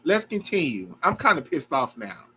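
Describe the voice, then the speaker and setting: A man hosts a reaction show, his voice sitting a little high for a man. He talks emphatically and emotionally and swears without holding back. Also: sing-song, normal speed, sharp tone, breathy edge, low-quality recording.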